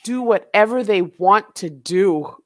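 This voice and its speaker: A woman's voice: medium pitch, takes it slowly. A woman co-hosting a casual chat, brash and joking, with plenty of swearing. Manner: brash, animated, swearing jokes.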